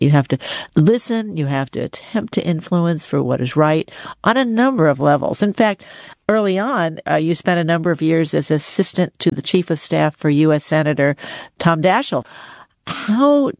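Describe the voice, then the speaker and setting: A woman's voice: low-pitched, a little mellow, dry recording. Middle-aged woman host from California; chatty, effusive, dry close sound. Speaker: interview host. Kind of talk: conversational interview.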